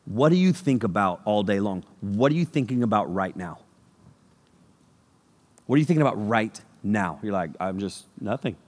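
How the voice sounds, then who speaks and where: A man preaching a sermon, energetic and jokey, swinging between loud bursts and hushed passages. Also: on the low side, normal speed, pauses often. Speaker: youth pastor. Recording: long reverb of a large hall.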